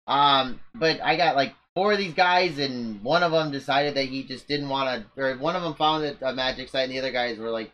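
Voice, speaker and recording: A man's voice: mid-range voice, lively intonation, normal speed, a bit bright. A man giving casual commentary on his strategy game, rambling and poking fun at his own moves. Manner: rambling, self-mocking, often restarts sentences. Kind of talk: casual let's-play commentary.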